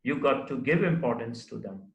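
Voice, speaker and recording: A man's voice: mid-range voice, animated, fairly quick, creaky, roomy sound, lo-fi sound. A man teaching a lesson on formal letter writing, explaining step by step, with many fillers and frequent checks of "right?". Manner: writes on the board while talking. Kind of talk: recorded classroom lecture.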